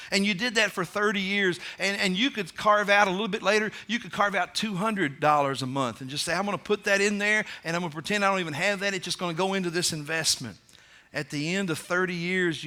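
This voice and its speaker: Bright-voiced Kentucky man preaching. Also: a little high. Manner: conversational, plain-spoken with fillers and restarts. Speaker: pastor. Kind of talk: sermon. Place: church sanctuary.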